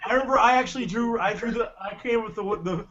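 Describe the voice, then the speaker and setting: Excited high-voiced man, lo-fi chat. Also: fast, a loud crowd. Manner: excited, blunt, swears. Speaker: podcast co-host. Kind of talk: casual chat.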